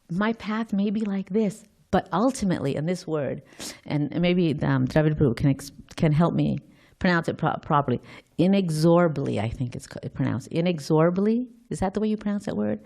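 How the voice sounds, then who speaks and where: A woman's voice: lowish voice, moderate pace, warm tone. A woman giving an informal scripture class, thinking aloud, quizzing her listeners and often restarting her sentences.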